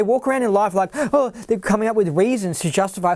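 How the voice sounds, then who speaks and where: A podcast host rambles through a casual solo talk, stumbling over repeated words and leaning on fillers. The voice sits at an everyday middle pitch. The recording is dry and close, with almost no room sound. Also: a little fast, few pauses, darkish tone, no echo. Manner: acts out other people's worried voices in a higher tone. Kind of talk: casual monologue.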